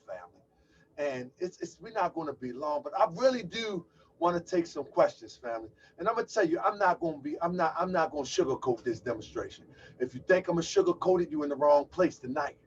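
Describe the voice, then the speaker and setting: A man's voice: a little high, slightly rough. A man hosting a call-in livestream, chatty and loose, exclaiming and laughing as he sets up. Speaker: host of a call-in show. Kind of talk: casual livestream talk. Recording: distant, dull lo-fi mic.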